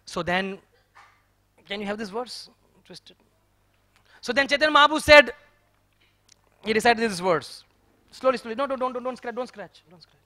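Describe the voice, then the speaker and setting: A man preaches in a temple, telling a story in a chatty, chuckling way. His voice is very high and bright. The recording is close and dry. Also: moderate pace, long pauses, no echo. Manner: lively storytelling, chuckling, conversational. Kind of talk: sermon. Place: temple hall.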